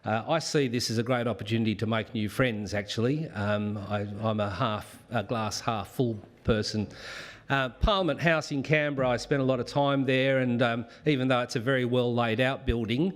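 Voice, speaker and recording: A man's voice: mid-range voice, steady tone, moderate pace. A man with an Australian accent giving an anecdotal speech at a union event, self-deprecating and chatty. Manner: self-deprecating storyteller, laid-back and chatty.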